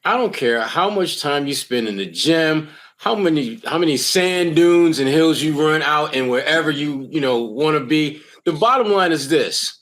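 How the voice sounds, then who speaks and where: High-pitched male co-host, emphatic and slangy, casual sports chat. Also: lively intonation, moderate pace, few pauses, fairly bright tone. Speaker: podcast co-host.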